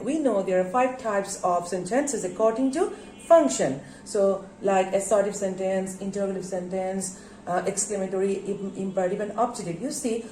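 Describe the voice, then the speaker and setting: Her voice is mid-range and dark: an English teacher from Bangladesh, recorded in class, lengthening words slowly and repeating them so students can follow. Faint noise and echo fill the room.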